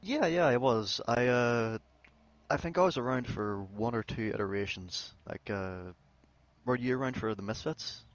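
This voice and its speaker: A man's voice: mid-range voice, normal speed, dull audio. A man, a guest on a podcast, chatting casually, bantering and swearing freely. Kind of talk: casual chat.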